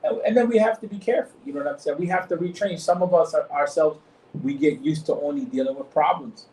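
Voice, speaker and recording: A man's voice: fairly high pitch, quick pace, a little mellow. Man leading a group talk in an echoey room. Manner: rambling, repeats words, asks "you see what I'm saying?". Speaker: study circle leader. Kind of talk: informal religious discussion. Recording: echoey room, mic far off, faint noise.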